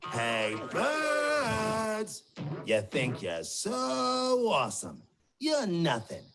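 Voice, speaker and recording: A swaggering, mocking cartoon pig. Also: male voice, sits high, wildly swooping pitch, extremely slow, over music, exaggerated voice. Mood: taunting. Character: boastful male cartoon pig taunting birds.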